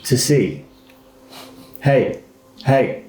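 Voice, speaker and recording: A man's voice: medium pitch, very slow, warm tone, a little hiss or hum, pitched above the performer's own voice. A man voicing a curious young kenku child who mimics words he hears, in a raised chirpy voice. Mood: eager. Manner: parrots single words in a small raised voice. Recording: echoey lodge room.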